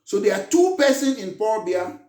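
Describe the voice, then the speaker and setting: A man speaks in a notably high voice, giving a fervent, emphatic political address as a party leader. His words bounce around a reverberant room, and he sounds set back from the mic. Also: very animated, moderate pace, far from the mic. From Cameroon. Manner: impassioned, emphatic, rising to shouts. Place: room in London.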